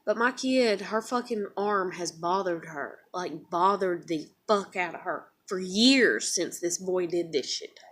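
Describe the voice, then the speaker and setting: A woman venting in a casual vlog, swearing heavily and swinging between hushed hurt and loud anger. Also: fairly low pitch, unhurried, husky. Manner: heated, profane venting; emotional, wavers between quiet and loud. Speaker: vlogger.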